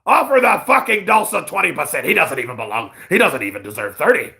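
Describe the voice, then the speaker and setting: A man's voice: fairly high pitch, very animated, fast talker, creaky, bright, forceful tone, full character voice. A man doing a crude grumbling boxer. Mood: scheming. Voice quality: coarse, profane, muttering. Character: crude scheming British heavyweight boxer, grumbling.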